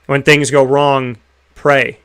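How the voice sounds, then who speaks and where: Earnest American man with smooth voice. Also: mid-range voice, flat delivery, slow pace, a bit bright. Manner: earnest, reflective, speaks in repeated rhetorical questions. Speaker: radio show host. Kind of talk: motivational segment monologue.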